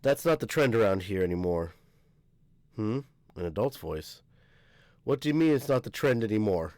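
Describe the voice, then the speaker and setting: Guy reading a comic out loud for a reaction vid, casual, trips over words, dry close mic. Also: lowish voice, lively intonation, moderate pace, pauses often, no room sound. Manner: casual, stumbles and corrects his reading. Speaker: manga reaction youtuber.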